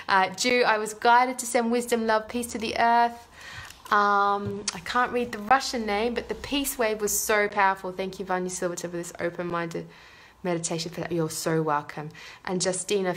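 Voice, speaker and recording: A woman's gentle voice leads a guided meditation at a middle pitch. She speaks softly and unhurriedly, repeating soothing affirmations, sometimes sinking to a hushed near-whisper. She then reads viewers' comments aloud and answers them. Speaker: energy healer leading a live meditation.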